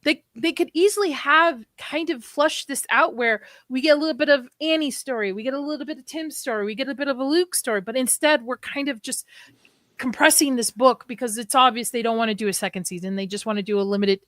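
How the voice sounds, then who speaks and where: A woman's voice: high-pitched, fast, a bit bright, no room sound. A woman co-hosting a casual live discussion, chatting and reading her notes aloud with frequent restarts. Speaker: podcast co-host.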